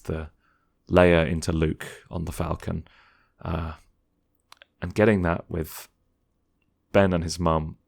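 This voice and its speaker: A deep-voiced man talks loosely through a movie as he watches it. His delivery is chatty and informal, and now and then he slips into a mocking voice to quote critics. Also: creaky. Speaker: film commentator. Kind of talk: casual film commentary.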